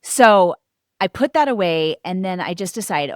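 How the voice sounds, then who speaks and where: Middle-aged mom telling her homeschool story, animated, lowish voice, dry close sound. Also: moderate pace, no echo. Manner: animated, acts out quoted voices. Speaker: guest, homeschooling mother. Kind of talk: storytelling in an interview.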